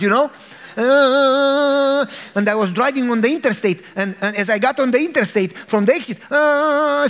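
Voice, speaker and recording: A high-pitched, middle-aged Romanian pastor tells a funny personal story during a sermon. He is animated and laughs as he acts out his frustration.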